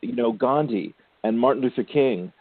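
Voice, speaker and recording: A man hosting a spiritual radio show, gently counseling a caller and calling her darling and sweetie. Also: mid-range voice, normal speed, no room sound. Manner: gentle, affectionate, calls listeners darling and sweetie. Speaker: spiritual intuitive radio host. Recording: tinny phone-line sound, dry.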